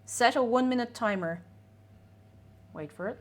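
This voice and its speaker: A woman's voice: on the high side, measured pace. Chatty woman streamer baking. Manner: chatty, reading out viewer messages. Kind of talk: casual chat while baking.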